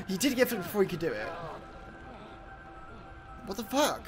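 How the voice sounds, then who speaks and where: A streamer giving live gameplay commentary, reacting excitably with plenty of swearing and reading out chat messages. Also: mid-range voice, unhurried, music in the background.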